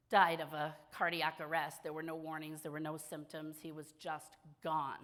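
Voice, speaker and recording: A woman from small-town Massachusetts, USA, gives a keynote on a conference stage at a widowhood conference, telling a personal story candidly with wry, self-deprecating humor. Her voice is lowish and fairly bright.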